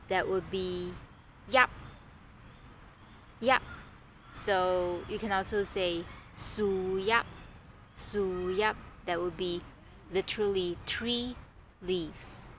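Slow, relaxed woman teaching words. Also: medium pitch, a little hiss or hum. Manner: relaxed, thinks aloud, repeats words slowly. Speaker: language teacher vlogger. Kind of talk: casual language lesson.

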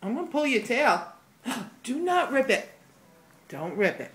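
A woman's voice: on the high side, big pitch swings, a little slow. A woman filming her pet squirrel, talking to it in playful scolding baby talk. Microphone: handheld camera.

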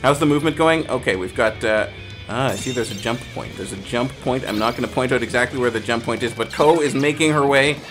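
A man with a mid-range voice hosts a live game stream in a loose, conversational way. He reads chat aloud, stumbles and restarts his sentences, and gets loud with play-by-play when the action heats up. Faint music plays underneath. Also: mid-range voice, a little fast. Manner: excited play-by-play shouting during action. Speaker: streamer hosting private game lobbies. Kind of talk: casual live-stream commentary.

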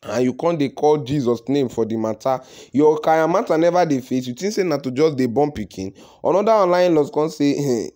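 Nigerian guy doing gossip vlog commentary, kinda high voice, fired up and repetitive, keeps talking to his viewers. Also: a little fast. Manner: animated, repetitive, addresses viewers as "my country people". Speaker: celebrity gossip vlogger.

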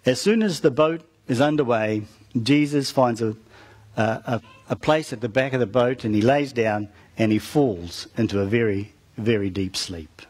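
Male preacher, husky mid voice, dramatic storytelling sermon with asides to the congregation. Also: medium pitch, normal speed. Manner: dramatic retelling that drops soft at phrase ends; talks to the listeners with asides.

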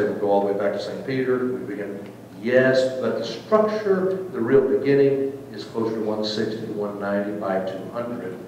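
A man, a pastor, leading a church trip meeting in an informal, joking, animated way. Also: mid-range voice, a little hiss or hum. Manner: lively, joking, animated teacher. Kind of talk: informal talk to a church group. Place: church fellowship hall. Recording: echoey hall, speaker far from mic.

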